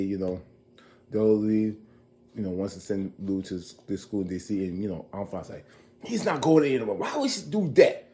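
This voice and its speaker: A man casually recapping a TV episode as a reviewer, chatty and animated, acting out characters' lines. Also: on the low side.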